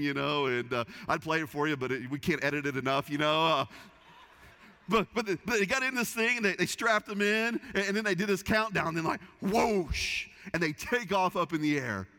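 Bright-voiced pastor in a reverberant hall. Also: male voice, on the high side, gravelly. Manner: lively storytelling with repeated restarts. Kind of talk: sermon. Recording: long reverb of a large hall.

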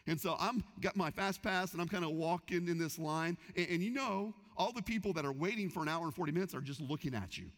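A man's voice: fairly high pitch, fast, hardly any pauses. A middle-aged man preaching a sermon, telling a story and acting out the voices in it. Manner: animated, acts out quoted voices. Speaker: pastor. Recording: hall reverb.

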